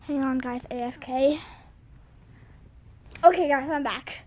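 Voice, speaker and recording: A woman's voice: high voice, steady tone, slow pace, slight background noise. A young girl chattily explaining silly jumping tricks for her video, full of "like" and little sung bits. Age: child. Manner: chatty, giggly, lots of "like", sings silly bits. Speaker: kids' video host. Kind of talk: casual chat showing jump tricks. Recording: dull lo-fi home recording.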